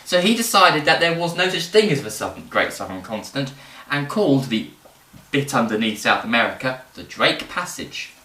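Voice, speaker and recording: A man presenting history in casual educational storytelling, animated and rambling, with fillers and jokes. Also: mid-range voice, normal speed. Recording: roomy, distant mic.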